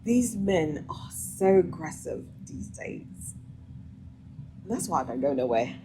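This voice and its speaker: A woman's voice: low voice, sing-song, takes it slowly, noisy background. A woman hosting a vlog, reacting to a clip with blunt, emphatic opinions in a casual way. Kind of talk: casual commentary.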